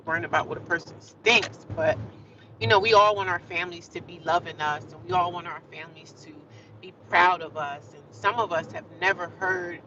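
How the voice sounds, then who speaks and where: A woman chatting on a livestream, encouraging and preachy, talking straight to her viewers. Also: lowish voice. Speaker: livestreamer sharing her life. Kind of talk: casual motivational livestream chat. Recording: distant, dull mic with loud traffic noise.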